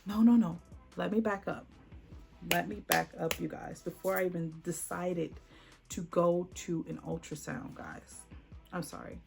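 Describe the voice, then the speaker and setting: A woman's voice: fairly low pitch, fairly even intonation, measured pace, vocal fry, over music. A woman telling a dramatic personal story on her vlog, acting out the voices of the people in it. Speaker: vlogger.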